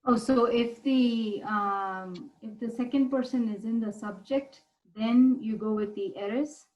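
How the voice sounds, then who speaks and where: A woman's voice: a little high, slow, darkish tone, lo-fi sound. Hesitant young woman student asking questions. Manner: hesitant, checks her understanding.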